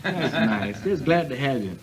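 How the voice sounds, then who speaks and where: A man's voice: medium pitch, animated, unhurried, crowd noise. A male stand-up comedian telling loose, rambling jokes to a live audience on a comedy album. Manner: loose, rambling storytelling with chuckles.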